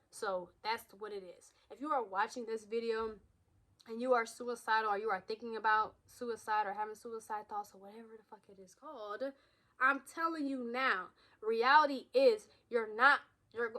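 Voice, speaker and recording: A woman's voice: fairly high pitch, pushed and bright. A woman in her thirties speaking candidly in a personal vlog, raw and emotional, blunt, with frequent swearing and restarts. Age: 30s. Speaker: vlogger.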